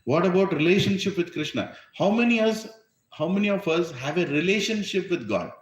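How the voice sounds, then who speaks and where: A spiritual teacher with an Indian accent gives an emphatic religious discourse packed with rhetorical questions, frequently asking "right?" His voice sits high and sounds animated and fairly quick. The audio is poor and reverberant.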